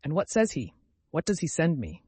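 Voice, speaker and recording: A man's voice: a little high, huge pitch swings, normal speed, mellow, husky, no room sound, full character voice. A man voicing an anxious elderly English banker, polite and eager.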